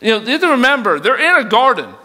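Young man, youth pastor, casual sermon, bright tense voice, long hall echo. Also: very high voice, big pitch swings, quick pace. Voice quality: dyslexic, struggles reading aloud. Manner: casual, conversational preaching with fillers.

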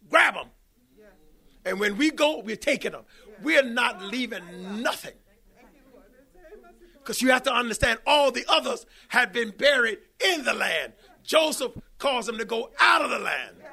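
A man preaching an emphatic sermon that rises now and then to shouts. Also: very high-pitched, gravelly, slightly rough.

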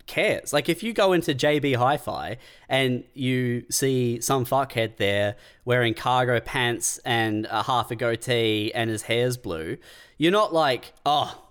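A man's voice: medium pitch, unhurried, fairly bright tone, clean tone. A man building absurd scenarios in a casual comedy podcast chat, often saying man and dude.

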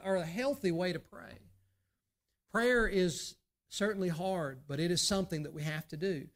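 A male pastor, preaching a sermon in a conversational way that rises into emphatic pleas. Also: sits high.

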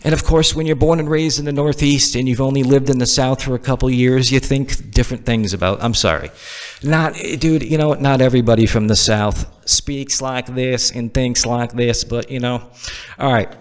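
A man's voice: medium pitch, brisk. A man from the Northeast US delivering a profane comedic rant, firing off exasperated rhetorical questions.

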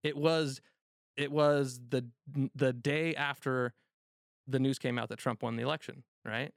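A man in his thirties telling a long story in casual, profane talk, rambling with many fillers and getting animated. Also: mid-range voice, a little slow, vocal fry, no room sound, clean studio sound.

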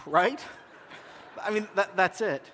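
A man preaching a sermon as a pastor, telling stories with animated, acted-out movie scenes. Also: high voice, slow pace. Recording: long hall reverb.

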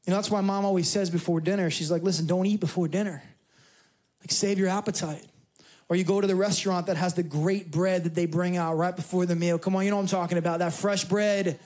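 A man's voice: sits high, little pitch movement, fast talker, hardly any pauses, darkish tone. A male pastor from New York preaching a sermon in a conversational, humorous way, with asides to the congregation. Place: church service.

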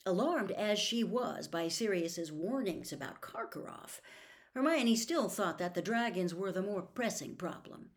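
A woman reading a novel aloud as a serialized storytime episode, softly, slipping into a whisper at tense moments. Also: medium pitch, lively intonation, measured pace. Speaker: audiobook reader.

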